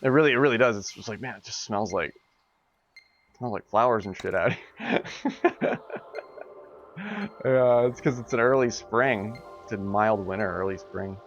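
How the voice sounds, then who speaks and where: A man's voice: lowish voice, normal speed, long pauses, muffled recording, soft background music. A man streaming a game, chatting casually with his viewers in giggly, rambling asides. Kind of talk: casual live-stream chat.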